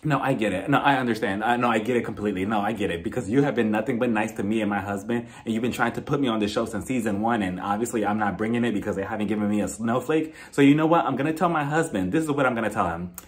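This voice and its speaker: A man voicing a sarcastic woman who answers in a low deadpan. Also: rapid-fire, few pauses, close to an everyday voice. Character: sarcastic woman, dryly agreeable.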